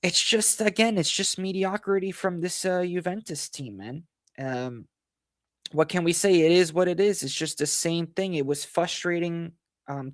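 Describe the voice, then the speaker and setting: A man hosting a football analysis livestream, hoarse from losing his voice, talking in a frustrated, rambling way full of fillers and repeated phrases. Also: fairly high pitch, no room sound, studio quality. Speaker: football channel host.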